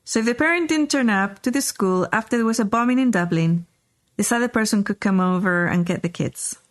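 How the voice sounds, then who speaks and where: A middle-aged woman hosts a podcast, telling a personal story in a loose, rambling chat full of fillers and restarts. Her voice is mid-range and a little fast.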